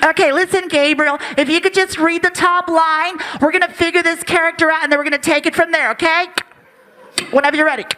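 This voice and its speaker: A man's voice: very high voice, steady tone, pushed and bright, a little hiss or hum, voice pushed up. A man voicing an upbeat, businesslike female cartoon director who coaxes politely during a stand-up routine. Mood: coaxing. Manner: brisk, coaxing, polite. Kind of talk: stand-up impression.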